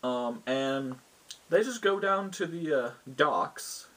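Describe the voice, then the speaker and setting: A man's voice: fairly high pitch, lively intonation, slow, a bit bright. A man, a game master, recounting a tabletop session in loose, rambling storytelling.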